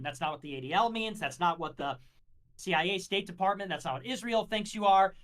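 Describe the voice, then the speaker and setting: A man talking in a heated livestream debate, making his case in a measured, lecturing, argumentative way. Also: sits high, fairly bright tone. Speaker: guest.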